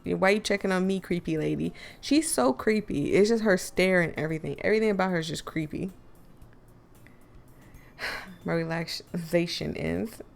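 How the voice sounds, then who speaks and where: A woman's voice: lowish voice, moderate pace, gravelly, faint music behind. A woman narrating a visual novel playthrough with wry, teasing asides. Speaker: gaming YouTuber.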